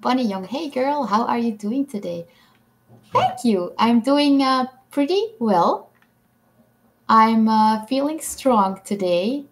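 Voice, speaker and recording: A woman's voice: fairly high pitch, lively intonation, slow. A woman hosting a casual livestream, reading viewers' comments aloud and answering them with frequent ums and little laughs. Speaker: livestream host.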